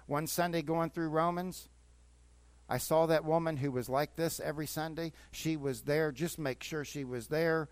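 Older male pastor, high-pitched, dry close recording; conversational sermon that builds to fervent exhortation. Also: steady tone, moderate pace, no room sound. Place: church.

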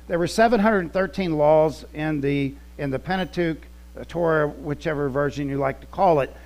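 A male pastor delivering a conversational teaching sermon, repeating words for emphasis. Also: on the high side.

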